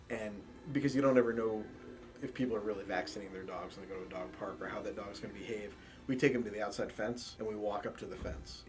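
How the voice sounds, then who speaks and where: A man who works as a campus police officer and handles a support dog, telling stories in a documentary interview and acting out quoted dialogue as he goes. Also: fairly low pitch. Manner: relaxed storytelling with quoted dialogue.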